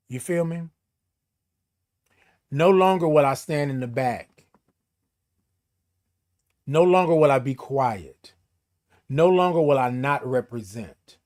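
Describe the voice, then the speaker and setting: A man's voice: mid-range voice, darkish tone. A man hosting a casual morning livestream, speaking in an emphatic, preachy way and greeting viewers by name. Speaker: host.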